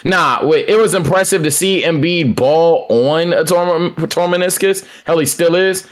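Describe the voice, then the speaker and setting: A man co-hosting a laid-back sports podcast on a headset. He talks in an animated, slangy way and often stammers and restarts before making his point. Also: a little high, measured pace. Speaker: podcast co-host. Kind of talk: casual sports chat.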